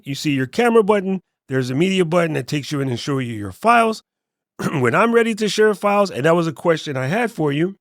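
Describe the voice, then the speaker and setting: A man hosting a casual tech tutorial, relaxed and joking, often letting his voice drop off at the ends of sentences. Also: medium pitch, no room sound, clean studio sound. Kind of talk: casual screen walkthrough tutorial.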